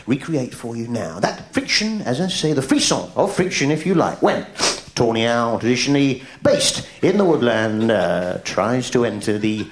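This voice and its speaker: A man's voice: mid-range voice, lively intonation, normal speed. A man performing an absurdist stand-up comedy routine on stage, full of quizzical questioning hums. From England. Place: theatre stage. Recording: live show with roomy echo and audience noise.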